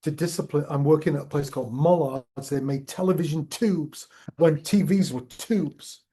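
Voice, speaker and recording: An older man with a northern English accent, telling animated stories as an interview guest in a music museum, swearing freely and acting out quoted voices. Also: fairly high pitch, normal speed, husky. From Northern England. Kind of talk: casual storytelling interview.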